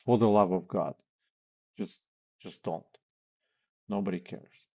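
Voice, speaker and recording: A man's voice: low-pitched, slow pace, dark tone, husky, muffled recording. A man coaching on sales calls in a blunt, casual way, with many fillers and acted example lines. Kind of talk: casual instructional talk.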